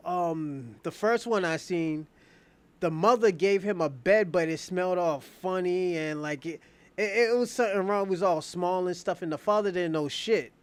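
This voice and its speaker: A man streaming from home, casually retelling a drama in slangy, profane, rambling talk full of fillers. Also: high-pitched. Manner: slangy, profane, loose storytelling with many fillers. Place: at home, indoors.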